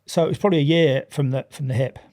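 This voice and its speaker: A man's voice: a little high, fast talker, a little mellow. A man chatting as a podcast guest, animatedly acting out dialogue and laughing often. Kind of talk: casual chat.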